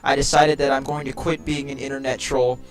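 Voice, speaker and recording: A man's voice: mid-range voice, flat delivery, fairly quick, soft background music. A young man reading a creepypasta aloud with friends, mocking it sarcastically and cracking crude jokes.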